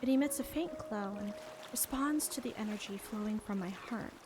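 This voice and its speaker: A young woman streamer reading a game's story and dialogue aloud, soft and expressive. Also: medium pitch. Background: game music.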